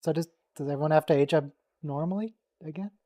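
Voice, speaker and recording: A man's voice: a little high, dark tone. Joking man hosting a watch-along. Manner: joking, quick to react and tease. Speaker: stream host. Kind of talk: casual watch-along chat.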